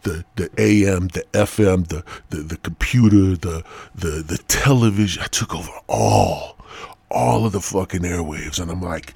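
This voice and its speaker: Low, husky, profane podcast host. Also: male voice, expressive, normal speed, darkish tone, no room sound. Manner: rambling, profane, loose. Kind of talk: rambling profane monologue.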